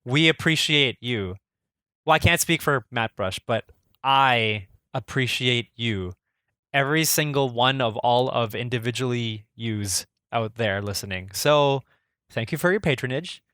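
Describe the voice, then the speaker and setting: A man's voice: medium pitch, a little slow, bright, forceful tone, smooth, no echo, studio quality. A man co-hosting a casual pop-culture podcast, easygoing and hesitant, with many fillers and restarts. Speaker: podcast co-host.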